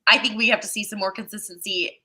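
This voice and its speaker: A woman co-hosting a casual sports roundtable, giving measured opinions with thinking pauses. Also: medium pitch, fairly even intonation, pushed and bright, rough recording. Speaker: podcast co-host.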